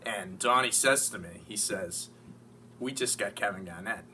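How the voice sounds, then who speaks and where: Profane rambling guy from massachusetts, excitable fan, distant mic, light background hum. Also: lowish voice, moderate pace. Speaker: interviewed sports fan. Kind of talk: casual mock interview. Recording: distant mic with faint ambience.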